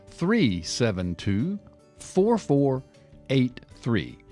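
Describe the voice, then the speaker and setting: A man's voice: medium pitch, a little mellow. A man hosting a radio food show, chatting casually with frequent uh fillers.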